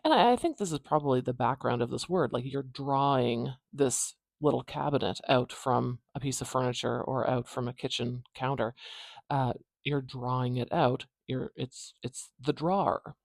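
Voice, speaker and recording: A phonetics teacher with an Atlantic Canadian accent gives a transcription lesson, explaining step by step and repeating words slowly to demonstrate each sound, with playful asides. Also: medium pitch, creaky, no echo, studio quality. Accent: Atlantic Canadian English.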